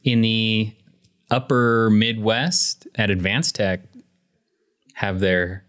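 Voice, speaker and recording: A man's voice: lowish voice, a bit bright, clear, resonant tone. A man co-hosting a podcast in casual chat, teasing dryly and correcting his partner. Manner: dry teasing, quick corrections. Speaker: podcast co-host.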